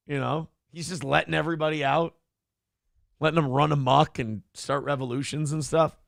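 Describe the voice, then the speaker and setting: Gravelly-voiced joking male co-host. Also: a little high, fairly bright tone, no room sound, clean studio sound. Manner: joking, drifts into storytelling voices and sung lyrics. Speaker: morning show co-host. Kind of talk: irreverent comedic podcast banter.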